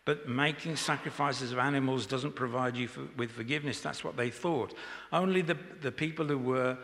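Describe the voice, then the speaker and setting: A man's voice: medium pitch, moderate pace, a bit bright. A man preaching an informal sermon in church, chatty and joking with the congregation. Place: church hall. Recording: echoey church hall.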